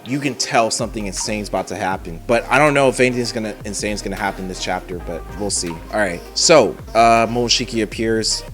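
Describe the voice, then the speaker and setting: A man's voice: lowish voice, brisk, few pauses, soft background music. A man giving casual, rambling reaction commentary on a manga chapter, with frequent restarts.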